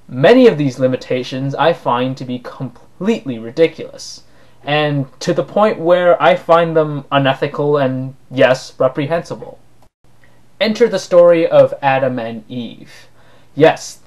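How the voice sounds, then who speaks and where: A man talks straight to the camera in a slightly higher-than-usual voice. He argues his point with sarcasm and mounting indignation, pressing his case hard. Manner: sarcastic, argumentative, rising to indignant outbursts. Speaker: vlogger. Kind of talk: opinion monologue to camera.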